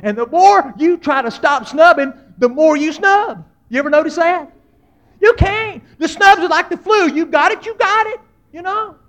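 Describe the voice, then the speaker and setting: A middle-aged man delivers a storytelling sermon full of humor. His voice sits high for a man, and he swings between loud, dramatic bursts and quiet, hushed asides. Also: lively intonation, moderate pace. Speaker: preacher.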